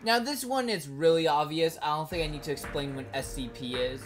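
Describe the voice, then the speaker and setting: A woman's voice: low-pitched, a little fast. A woman talking in a casual commentary vlog, blunt and joking, swearing casually and rambling with lots of likes. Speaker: video creator. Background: background music.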